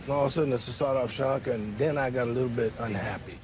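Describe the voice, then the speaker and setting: A man on a reality show clip who talks in a low mumble with a put-on drawl. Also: racing, darkish tone, slight background noise. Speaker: reserve lawman on a reality show.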